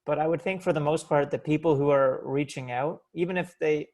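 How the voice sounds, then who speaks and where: A man's voice: a little high, steady tone, a little fast, darkish tone. A man from Canada hosting a casual podcast interview, friendly, with stammering restarts. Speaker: podcast host.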